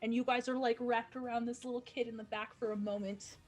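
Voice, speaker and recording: A woman's voice: fairly high pitch, little pitch movement, brisk, darkish tone. A woman narrating as game master, chatty and cheerful, with stumbles and asides.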